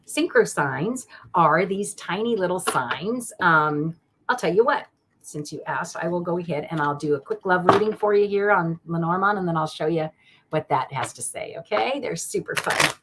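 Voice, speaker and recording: A woman's voice: fairly low pitch, animated, moderate pace, heavy background noise. A woman giving live tarot readings to viewers, affectionate and rambling, often laughing and getting emotional. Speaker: tarot card reader. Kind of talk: live-stream card reading.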